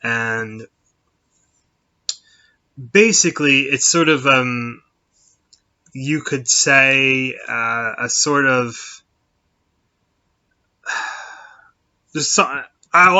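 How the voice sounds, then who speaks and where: A man's voice: mid-range voice, sharp tone. A middle-aged man chatting casually on his own show, rambling with many fillers and restarts. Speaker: podcast host. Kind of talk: casual solo chat. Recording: dull lo-fi sound.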